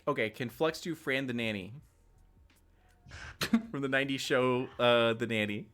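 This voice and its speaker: A man running a tabletop game on a livestream, chatty and quick to laugh. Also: mid-range voice, a bit bright, clear, resonant tone. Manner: laughing often, loose and chatty. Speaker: game master.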